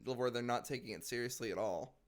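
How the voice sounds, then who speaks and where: A man at a middle pitch, co-hosting a casual podcast chat. He argues his points and often stumbles and restarts. He fills gaps with small hesitations. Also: fairly quick. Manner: argumentative, restarts sentences, frequent uh and like. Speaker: podcast co-host.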